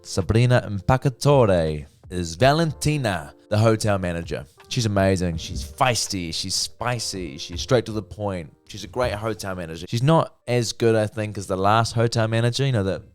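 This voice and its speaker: Deep-voiced man chatting about a TV show. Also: moderate pace, hardly any pauses, clear, resonant tone, faint music behind. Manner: chatty, profane, lively retelling. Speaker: TV review vlogger. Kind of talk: casual TV series review.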